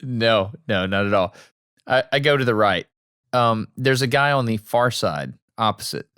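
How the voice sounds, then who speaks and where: A man co-hosting a podcast in casual chat, telling stories with animated delivery and acting out lines he overheard. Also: fairly low pitch, normal speed, clear, resonant tone, no room sound, clean studio sound. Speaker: podcast co-host.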